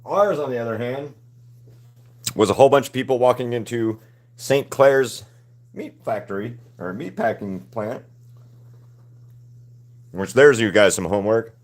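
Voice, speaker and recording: A man's voice: mid-range voice, measured pace, long pauses. A young adult man chatting casually and rambling, with the odd swear word, as he paints on a livestream. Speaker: artist livestreaming a painting session. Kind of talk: casual chat while painting.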